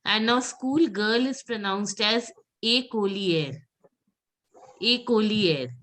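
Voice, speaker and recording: A woman's voice: fairly high pitch, takes it slowly, fairly bright tone. A woman teaching French pronunciation in an online class, patiently repeating words for her students over a video call.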